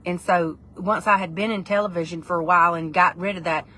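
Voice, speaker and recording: Playful woman, lowish voice. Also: steady tone, a little fast, bright, forceful tone. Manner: playful, rambling, breaks into put-on voices. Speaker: vlogger reviewing food. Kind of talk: casual chatty vlog.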